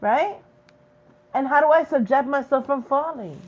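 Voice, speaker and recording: This vlog's spiritual reader has a voice that sits high with a darkish tone, speaking at normal speed over lo-fi sound. Her message comes out blunt and profane, thick with street slang.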